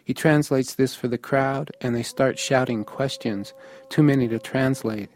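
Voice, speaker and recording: A man's voice: mid-range voice, moderate pace, a little mellow. A man from the United States narrating a first-person story in a matter-of-fact, observational way.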